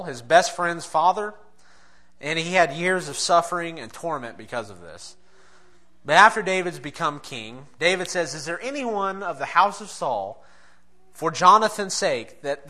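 A man's voice: on the high side, sharp tone. A man preaching a sermon, earnest and direct, often asking his listeners questions and chuckling now and then.

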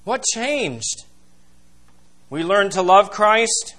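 A male pastor preaching a sermon, emphatic and questioning, swinging from loud declarations to hushed asides. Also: high-pitched, expressive, extremely slow. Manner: addresses congregation as beloved, asks questions.

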